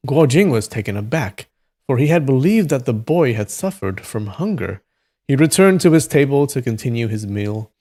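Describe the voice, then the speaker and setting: A man reading a translated novel aloud on a live stream, relaxed and stopping now and then to comment on the text. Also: medium pitch.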